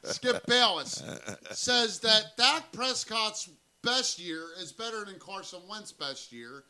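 Annoyed dude venting, highish bright voice, goes up and down a lot. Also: male voice, animated, slow, clear, resonant tone. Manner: exasperated complaining. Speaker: podcast co-host. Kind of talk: rowdy profane sports banter.

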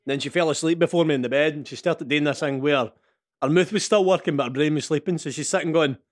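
A Scottish man co-hosting a casual sports watch-along podcast, animated, laughing often and swearing. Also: on the high side, fast talker. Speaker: podcast co-host.

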